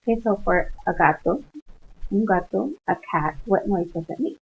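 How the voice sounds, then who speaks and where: A woman's voice: medium pitch, animated, normal speed, slight background noise. A woman Spanish instructor patiently walking students through online coursework, mixing English with Spanish words. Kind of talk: screen-share walkthrough of online coursework. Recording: tinny phone-like lo-fi audio.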